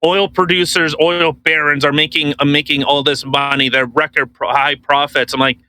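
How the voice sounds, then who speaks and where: This is a casual, profane podcast rant from a man from Canada who co-hosts the show. His voice is on the high side and clean in tone, at a normal speed, though the audio is poor. He's animated, swears heavily and slips into mocking put-on voices.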